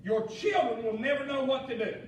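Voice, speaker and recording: A male pastor, preaching a fiery sermon with shouted emphasis and folksy asides. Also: very high-pitched, fairly quick. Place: church sanctuary. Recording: echoey church hall, mic far off, faint noise.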